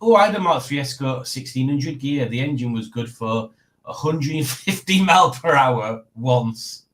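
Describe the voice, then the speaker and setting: A man's voice: medium pitch, animated, normal speed, a bit bright, rough recording. A man hosting a casual live stream, chatting and reading out viewer comments with frequent laughs. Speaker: livestream host.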